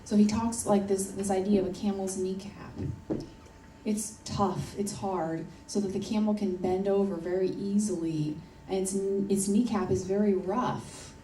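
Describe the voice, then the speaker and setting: A woman's voice: medium pitch, fairly even intonation, unhurried, dark tone, a little hiss or hum. A woman preaching a sermon in an earnest, emphatic way, repeating her key points. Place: church hall. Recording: roomy church audio from a distance.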